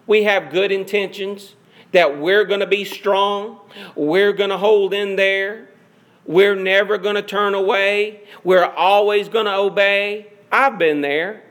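A male pastor preaching a sermon in a slow, deliberate, emphatic way. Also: high-pitched, fairly bright tone.

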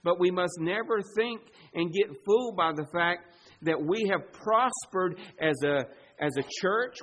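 A man's voice: a little hiss or hum, low-quality recording. Man preaching with big dynamic swings. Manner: preaching with wide swings from loud emphasis to hushed low asides. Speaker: pastor. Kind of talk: sermon.

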